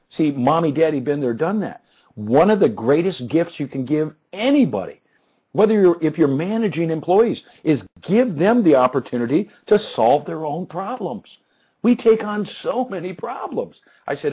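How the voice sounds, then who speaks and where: Husky man telling stories, chuckling. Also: on the high side, big pitch swings, moderate pace, warm tone, poor audio. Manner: chuckling, restarts and repeats words. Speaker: success coach and speaker. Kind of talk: animated storytelling interview.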